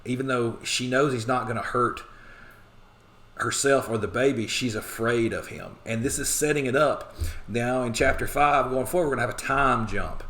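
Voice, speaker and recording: A man's voice: mid-range voice, a bit bright. Casual male teacher retelling a story. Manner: conversational, acts out quotes in quick voices. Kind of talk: casual lecture retelling a novel.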